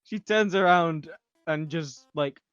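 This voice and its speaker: A man's voice: fairly high pitch, slow, fairly bright tone, smooth, no echo, soft background music. Man narrating as game master, lo-fi. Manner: hesitant, filler-heavy narration. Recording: dull lo-fi sound.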